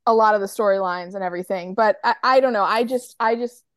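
A woman's voice: mid-range voice, quick pace, clear, resonant tone, no echo, clean studio sound. An American woman co-hosting a podcast, chatting casually with lots of fillers and restarts. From United States. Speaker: podcast co-host. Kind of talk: casual chat.

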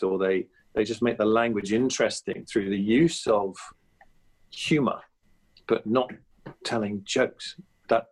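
Man, low voice, husky, interview guest, chatty anecdotes, restarts. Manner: anecdotal, animated, frequent restarts. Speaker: comedian and impressionist guest. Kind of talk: conversational interview.

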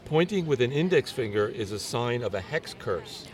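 A man's voice: medium pitch, very animated, moderate pace. A man hosting a casual chat outdoors in a garden, playful and jokey, now and then acting out little voices. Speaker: show host.

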